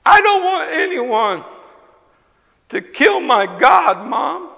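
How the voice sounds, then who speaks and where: A sobbing little boy pleads in a high, straining voice, as a preacher puts him on. It sounds dull and lo-fi, with a long hall echo behind it. He sometimes breaks into near-shouts. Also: very animated, takes it slowly, vocal fry, full character voice. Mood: tearful pleading. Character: tearful four-year-old boy pleading.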